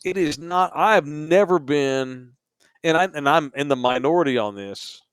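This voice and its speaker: A man's voice: a little high, moderate pace, clean tone. A man co-hosting a sports podcast from a bar studio, ranting emphatically with plenty of profanity. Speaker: podcast co-host. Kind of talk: casual sports podcast rant.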